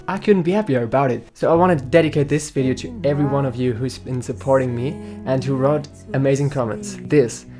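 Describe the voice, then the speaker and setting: A young man talks to his viewers in a chatty, joking way, reading out their comments and answering each one. His voice sits at an average pitch for a man, and soft guitar music plays quietly underneath. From Germany. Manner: chatty, upbeat, jokey, reads out comments. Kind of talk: casual Q&A vlog. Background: faint guitar music.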